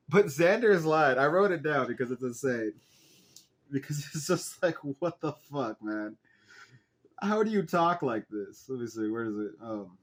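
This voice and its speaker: A young man casually recapping a TV episode as a podcast host, animated, laughing and swearing at the plot. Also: medium pitch, moderate pace.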